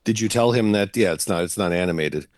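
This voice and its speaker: A lower-pitched man co-hosts a casual movie podcast, circling back and correcting himself as he talks. His voice sits close and dry on the mic, with no room sound around it. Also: fast, dry recording. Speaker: podcast co-host.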